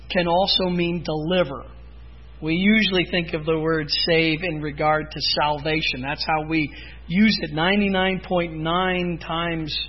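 A man's voice: high voice, breathy edge. A man preaching an expository sermon in an earnest manner, rising to impassioned cries when he quotes laments. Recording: dull lo-fi recording.

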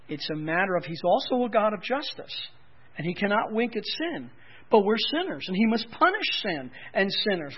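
A middle-aged male pastor preaching with a fairly high voice that surges to emphatic peaks and then drops low. He mixes scripture reading with folksy jokes and asides. The recording sounds dull and lo-fi. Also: husky. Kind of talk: sermon.

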